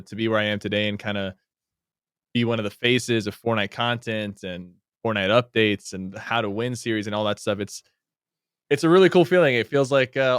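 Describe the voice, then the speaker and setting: This man's voice is low, smooth and resonant, recorded dry and close. As a podcast guest, he talks in a chatty, explanatory way, often restarting and repeating words. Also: a bit bright, no room sound. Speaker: guest, content creator. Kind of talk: casual podcast interview.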